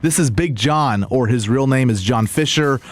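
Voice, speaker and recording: A man's voice: medium pitch, moderate pace, no echo. Chatty male radio show host. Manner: conversational, laughs often, reads stories. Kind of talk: casual radio banter.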